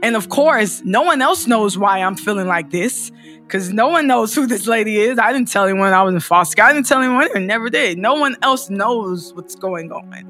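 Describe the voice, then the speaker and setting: A woman guest tells her own story in an interview, emotional and open. She has a bright, clear tone and acts out other people's lines with sudden high pitch. Soft music plays faintly behind her. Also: animated, moderate pace.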